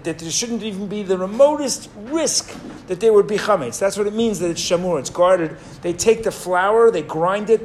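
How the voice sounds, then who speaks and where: A man teaching a Torah class, telling a story in an animated, digressive way and acting out the people in it. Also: high voice, slight background noise. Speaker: rabbi teaching.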